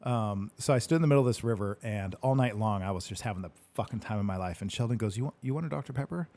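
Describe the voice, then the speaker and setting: A man's voice: on the low side, quick pace, a little mellow. A man telling a loose story as host of a casual chat. He rambles, laughs often and swears without a second thought. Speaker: host answering live questions.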